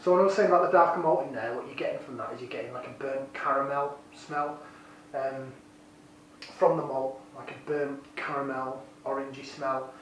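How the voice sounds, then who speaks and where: A man casually reviewing a beer, enthusiastic and rambling, deliberately keeping his voice down, recorded on a camera's built-in microphone. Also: medium pitch, fairly even intonation. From United Kingdom. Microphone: built-in camera mic. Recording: very echoey room, distant mic, faint noise.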